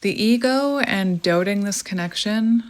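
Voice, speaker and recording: Gentle Canadian woman reading tarot. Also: lowish voice, level tone, unhurried. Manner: gentle, reflective, meandering with fillers. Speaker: tarot reader. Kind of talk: spiritual tarot reading monologue.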